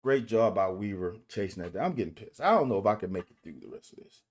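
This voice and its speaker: A man giving casual commentary on football game film. He talks to viewers directly and critiques the plays in an animated, exasperated way, with swearing. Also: fairly low pitch, quick pace, slightly rough. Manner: addresses viewers directly as "y'all". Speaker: football film breakdown host.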